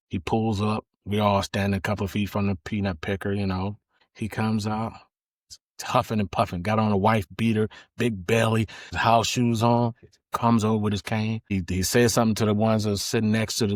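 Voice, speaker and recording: A man's voice: on the low side, moderate pace, no echo, clean studio sound. A man from Georgia with a Southern accent, telling a funny story in a casual, folksy way, laughing and cussing freely. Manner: animated, laughing, profane, folksy. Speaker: storyteller, podcast host.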